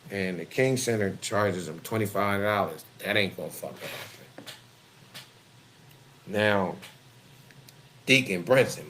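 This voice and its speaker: A man's voice: fairly low pitch, a little hiss or hum. A middle-aged man, hosting a live show and telling a blunt, profane story full of slang. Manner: blunt, heavy swearing, animated, street slang.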